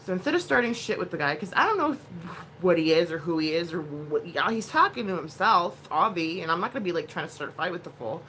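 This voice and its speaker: A woman's voice: lowish voice, big pitch swings, fast talker, sharp tone, slight background noise. A woman vlogging at home, telling a rambling story in a blunt, casual way with plenty of swearing. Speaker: vlogger, mother.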